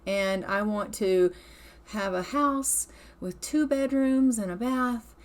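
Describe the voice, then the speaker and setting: A woman voicing an indignant teenage girl in a life-sim game story, talking in animated, exclamatory bursts. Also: slow, lightly acted. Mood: dreamy. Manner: animated, exclamatory, rising pitch.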